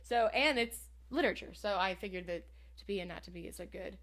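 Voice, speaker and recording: A woman's voice: medium pitch, fast, a bit bright. Female podcast co-host, eager and chatty, easygoing conversational delivery. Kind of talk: casual chat reviewing a TV episode.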